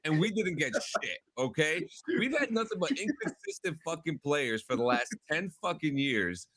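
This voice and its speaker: A man co-hosting a podcast with lively, swooping delivery, ribbing his co-hosts and swearing freely. His bright voice sounds close and dry. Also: on the high side, normal speed, dry recording. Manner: animated, profane, ribbing. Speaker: podcast co-host. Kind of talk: casual chat.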